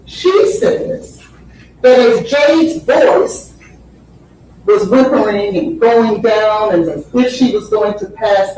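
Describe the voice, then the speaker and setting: A woman with a high voice argues to a jury at a slow, deliberate pace, hammering her points with repetition. She is picked up from far away in a large, very reverberant courtroom with a faint hiss underneath. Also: a little mellow. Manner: deliberate, emphatic, repeats phrases for effect. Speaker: defense attorney. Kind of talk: courtroom opening statement. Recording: very echoey courtroom audio from far off.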